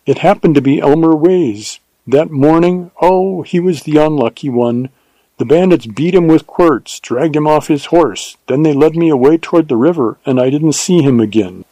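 A man voicing a proud, spirited young woman who speaks in a lively, imperious, teasing way. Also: a little high, moderate pace, no room sound, pitched above the performer's own voice.

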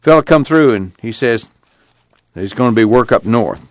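A man's voice: medium pitch, animated, moderate pace, no room sound, pitched below the performer's own voice, lightly acted. A man voicing a weary, patient migrant worker man in a drawling, matter-of-fact rural manner. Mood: weary insistent.

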